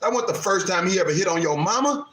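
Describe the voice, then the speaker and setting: A man's voice: high voice, animated, fast talker, a bit bright, reverberant, a little hiss or hum, rough recording. A man in his late fifties on a casual live stream, preaching about respect for parents and repeating his points for emphasis. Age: 50s. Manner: preachy, repeats lines for emphasis, Southern American Black vernacular. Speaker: livestream host.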